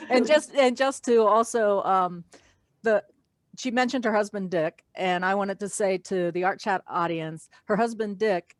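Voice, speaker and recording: A woman's voice: mid-range voice, unhurried, dry recording. A woman hosting an art podcast, chatting casually and giving friendly tips to her listeners as she wraps up. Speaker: podcast host. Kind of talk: casual chat.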